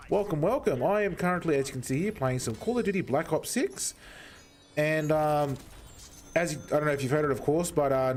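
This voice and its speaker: A man's voice: on the high side, a little hiss or hum. A young Australian man with an Australian accent chatting casually with his viewers while gaming, swearing often and greeting people by name. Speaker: gaming streamer.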